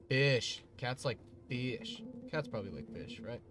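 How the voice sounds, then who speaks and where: A man's voice: medium pitch, animated, unhurried, hardly any pauses. A man chatting casually with viewers while livestreaming a game, rambling with lots of fillers. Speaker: gaming livestreamer.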